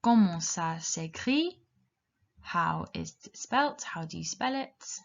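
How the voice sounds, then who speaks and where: A woman teaching a children's language lesson, giving slow, clear, encouraging instructions. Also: on the low side, animated. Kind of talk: recorded classroom lesson for children. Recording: dull lo-fi recording.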